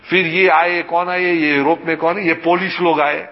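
High-voiced imam preaching in an echoing hall. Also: male voice, little pitch movement, racing, few pauses. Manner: asks rhetorical questions and answers them himself. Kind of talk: sermon. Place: mosque. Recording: dull lo-fi sound with long hall reverb.

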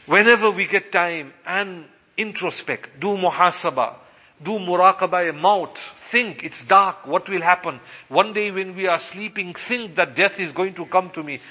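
A man preaching a sermon with passion, slowing down to stress his points. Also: high-pitched, bright, forceful tone, slightly rough. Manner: impassioned, slows for emphasis, acts out quoted voices. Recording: long hall reverb.

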